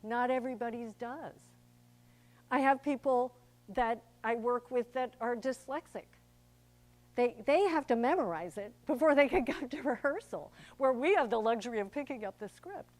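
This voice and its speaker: A woman's voice: a little high, expressive, normal speed, darkish tone. An older woman, an actor and director, giving a chatty, theatrical public talk to an audience. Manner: chatty and theatrical, acts out quoted voices.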